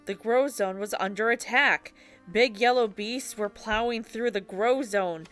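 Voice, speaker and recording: Casting note: woman podcast co-host, mid-pitched, slow stumbling read-aloud, faint music. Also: a bit bright. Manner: stumbles over handwriting, laughs through reading. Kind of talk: casual reading of a friend's story.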